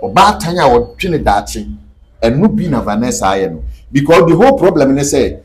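A man's voice: mid-range voice, very animated, moderate pace. A man with a Ghanaian accent, speaking as an interview guest in an emphatic, preachy way and mixing Twi and English. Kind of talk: animated interview talk.

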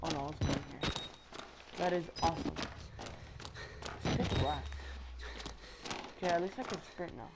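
A woman commenting on a horror game as she plays, excitable and repeating her exclamations. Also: low voice, a little slow, pauses often, noisy background. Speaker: gamer. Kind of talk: let's play commentary. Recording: game music behind. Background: game music.

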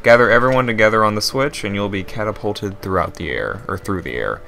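A man's voice: lowish voice, animated, brisk, creaky, pushed and bright, soft background music. A young man hosting a let's play, joking as he reads game text aloud and riffs on it. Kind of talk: casual gameplay commentary.

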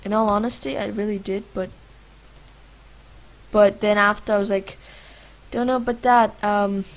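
A woman's voice: medium pitch, steady tone, moderate pace, rough recording. A young woman from Lithuania chatting casually as she plays a life-sim game, rambling and talking to her characters with lots of fillers. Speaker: gaming vlogger. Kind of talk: casual let's-play commentary.

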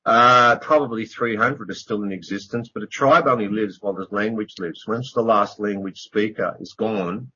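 An Australian middle-aged author speaks as a guest in a radio interview, earnest and emphatic, repeating words for stress. His lowish voice is husky with a sharp tone, at normal speed and with few pauses. The radio recording sounds dull and lo-fi.

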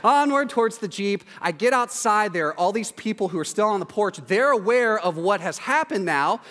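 A male pastor telling a story in a sermon, animated and acting out voices in the quotes. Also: high-pitched, normal speed, big-room sound. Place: church hall.

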